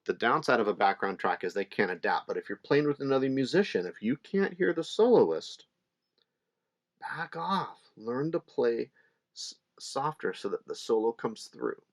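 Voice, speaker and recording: A middle-aged man teaching ukulele in a relaxed, chatty way, with fillers and small laughs. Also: mid-range voice, moderate pace. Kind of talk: casual instructional talk. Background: ukulele playing between phrases.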